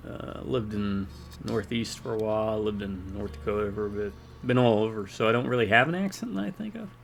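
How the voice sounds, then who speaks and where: A rambling, self-deprecating man commenting on his gameplay in a low, gravelly voice. He is from the American South and drifts from topic to topic in a loose, chatty way. A faint hiss of noise sits behind him. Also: fairly quick. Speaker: let's play gamer.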